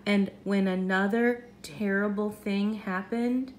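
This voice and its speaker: A woman reading a children's storybook aloud in an expressive, animated way. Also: mid-range voice, takes it slowly, slight background noise.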